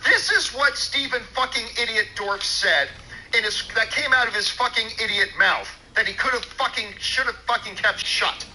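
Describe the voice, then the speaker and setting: A man's voice: very high voice, moderate pace, pushed and bright, slight background noise, low-quality recording. A man hosting a talk show, delivering an angry, profane and sarcastic rant, mocking as he goes. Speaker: show host. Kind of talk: angry ranting commentary.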